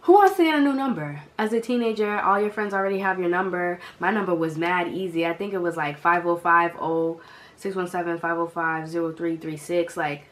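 A young woman vlogger telling a storytime, animated and slangy, speaking straight to her viewers. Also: on the low side, a little fast. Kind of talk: storytime vlog.

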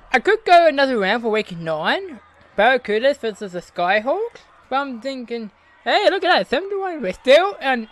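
An Australian man hosting a gaming channel, giving excitable mock sports commentary on his own match and cheering loudly. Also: very high-pitched. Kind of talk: self-commentary while playing a video game.

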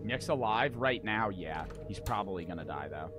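A man commentating a horror game as he plays, excitable and joking, with plenty of swearing. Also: lowish voice, normal speed. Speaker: gaming streamer. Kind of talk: gameplay commentary. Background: game music.

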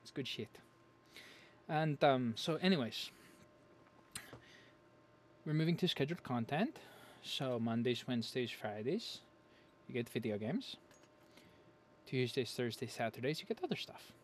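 A man's voice: medium pitch, animated, measured pace, long pauses, slight background noise. A man hosting his own channel, chatting casually in a rambling, jokey way, with playful exaggeration. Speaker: channel host. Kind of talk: casual story-time vlog chat.

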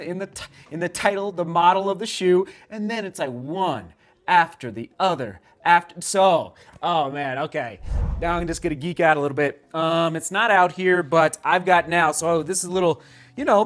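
Brief: male vlogger, 30s, geeking out over gear, quick asides, faint music under him. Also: a little high. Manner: enthusiastic, rambling, self-interrupting. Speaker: running shoe reviewer. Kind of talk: excited product review vlog.

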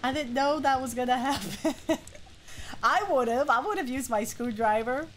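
A woman streaming a horror game, shouting and yelping at it, then talking with her viewers. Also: high-pitched, measured pace, slight background noise. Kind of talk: live game commentary. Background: game music.

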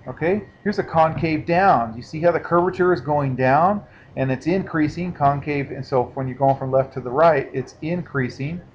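A male math teacher walks through a lesson in a relaxed, conversational manner, pausing to check that students are following. His voice sits a bit high for a man. The recording is dull and lo-fi with a faint hiss underneath. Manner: casual, explanatory, checks in with listeners. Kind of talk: recorded classroom lecture.

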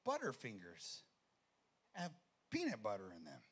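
A man preaching a sermon as pastor, telling a story with animated energy and frequent repeated words. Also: on the low side, measured pace, breathy edge. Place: church sanctuary.

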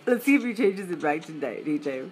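A woman chatting casually as she plays a mobile game, giggly and quick to apologize. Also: sits low, animated, darkish tone, soft background music. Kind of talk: casual gameplay commentary.

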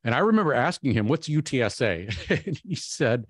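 A man giving a keynote speech, telling a personal story in an animated way and acting out his own inner voice. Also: medium pitch, brisk, few pauses, dry recording, studio quality. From Texas. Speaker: keynote speaker.

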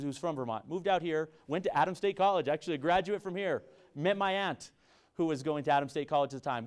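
A middle-aged university business professor with a San Luis Valley Colorado accent gives an earnest public lecture to students. His voice sits a little high, with a clear, resonant tone. He often repeats himself and keeps restarting his phrases.

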